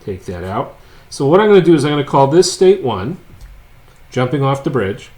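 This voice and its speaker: This physics lecturer is never on screen; his voice plays over the board work as he jokes his way through a story, trading loud lines for quiet wry asides, then tackles a problem. He sounds very animated and keeps a moderate pace.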